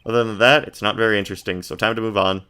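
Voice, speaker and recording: A man's voice: steady tone, racing, bright, forceful tone, clean tone. A man streaming a game, reading the game text aloud in a casual, laid-back way, often murmuring his asides. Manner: laid-back, reads descriptions in a low murmur.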